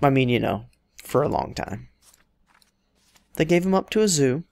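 A man's voice: mid-range voice, lively intonation, normal speed, creaky, darkish tone. Man, casual gameplay commentary, rambling, joking, mid-range voice. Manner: rambling, joking, talks to game characters. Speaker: let's play host.

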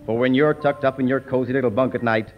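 A man's voice: medium pitch, fairly even intonation, quick pace, lo-fi sound. A man doing a mock-solemn comic stand-up routine on an archival radio broadcast. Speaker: comedian.

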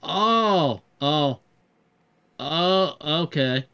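Game master: man, slow halting narration, bright voice, dull lo-fi recording. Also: a little high, animated. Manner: halting, with many fillers and laughs.

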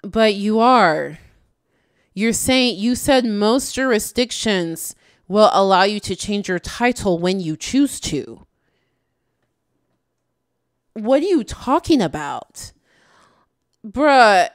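A woman's voice: medium pitch, lively intonation, slow, pauses often, no room sound, studio quality. A woman giving casual, exasperated reaction commentary, slangy and tired late at night. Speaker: YouTube commentator.

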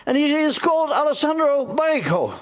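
A bumbling, self-mocking old stage comedian, as a man puts him on, stammering through his routine with little chuckles. His voice sits very high and leaps lively up and down. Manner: stammering, halting delivery with chuckles. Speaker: introducer doing a comedy act. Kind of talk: live stage comedy impression. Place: theater stage before an audience.

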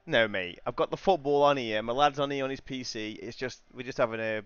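A man's voice: mid-range voice, fairly quick, a bit bright, clean tone, no room sound, lo-fi sound. Laid-back man streaming sim racing. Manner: chatty and laid-back, says "mate" a lot. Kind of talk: casual live-stream chat. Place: home sim racing rig.

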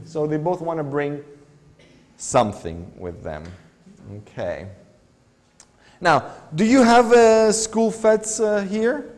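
A man's voice: on the high side, darkish tone, in a large hall. A man teaching an English lesson in a school classroom, patiently asking the class one question after another. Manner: patient, asks many questions.

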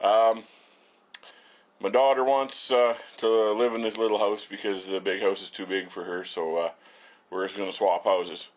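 A man's voice: lowish voice, little pitch movement, moderate pace. A middle-aged man rambling and swearing nonstop while he shows off his small house and cooks. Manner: blunt, swears constantly, rambling. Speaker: vlogger. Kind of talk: casual profane ranting vlog.

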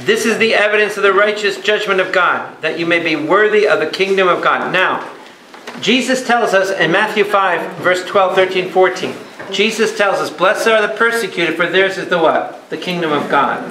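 A man, a priest leading a Bible study, teaching in a lively way, asking the audience questions and acting out the people he quotes. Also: high voice, moderate pace, a little hiss or hum. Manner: animated, asks the audience questions, plays out quoted voices. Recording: echoey hall with live audience. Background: audience murmurs and responses.

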